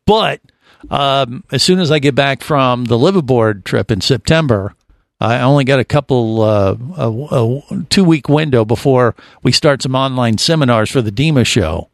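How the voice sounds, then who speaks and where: A man's voice: mid-range voice, lively intonation, moderate pace, no room sound, studio quality. A man hosting a casual podcast chat, rambling with lots of fillers and restarts. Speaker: podcast host.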